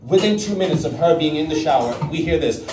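Heavy background noise surrounds this man's fairly high voice as he performs stand-up, spinning a long, conversational tale and frequently ending lines with "right?". Originally from the Netherlands, he speaks with an American accent, recorded distantly in an echoey room full of laughing audience members.

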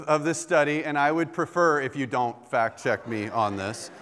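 A man's voice: a little high, fairly bright tone. A middle-aged male pastor preaching a sermon with self-deprecating humor, often repeating words as he goes. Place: church sanctuary. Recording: long reverb of a church hall.

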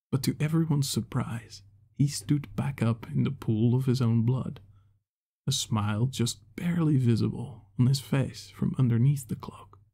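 A man narrates a fantasy short story in a steady, measured way. His voice is gravelly and mellow, with a husky edge. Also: medium pitch. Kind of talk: scripted narration.

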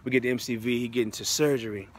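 Racing along with a steady tone, a mid-range male voice tells a personal testimony over slight background noise. The speaker is an American motivational speaker whose delivery is casual, sincere, and slang-heavy.

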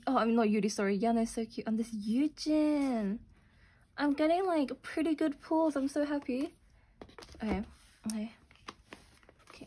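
A young woman chats her way through an unboxing, gushing and gasping with delight at each find. Her voice sits a little high. Faint background hiss and small clicks are heard behind her. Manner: gushing, excitable, gasps and squeals over pulls. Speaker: unboxing vlogger. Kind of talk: casual unboxing commentary.

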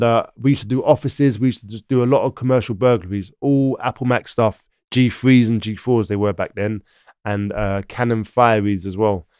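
A man's voice: mid-range voice, a little mellow, no echo, clean studio sound. Rambling London man telling stories. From London, England. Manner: rambling, frequent "like" and "yeah?" tag questions. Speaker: podcast guest. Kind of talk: casual storytelling interview.

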